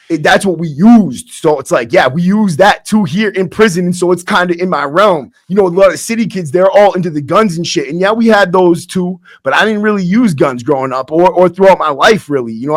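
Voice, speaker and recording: The clean studio recording, free of echo, captures a high-pitched man hosting a podcast. Formerly imprisoned, he tells stories in a casual monologue, blunt and streetwise, often saying "bro" and starting sentences over. Acoustic guitar music plays faintly behind him.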